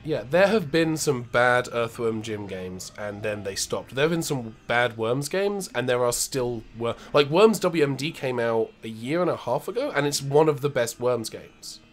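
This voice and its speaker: A man's voice: medium pitch, expressive, normal speed, few pauses. A man co-hosting a retro video game show, casually commenting while he plays, rambling and knowledgeable. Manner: rambling, knowledgeable, many restarts. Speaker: co-host playing retro games.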